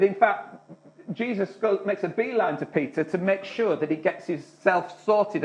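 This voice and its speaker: A man's voice: sits high, moderate pace. A man preaching a sermon, speaking earnestly and often restarting his words. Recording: dull lo-fi recording.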